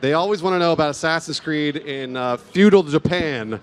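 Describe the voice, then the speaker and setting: A man co-hosting a live convention stream, teasing with an exaggerated deadpan story. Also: on the high side, normal speed. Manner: deadpan tall-tale teasing. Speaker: co-host. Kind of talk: casual live event chat.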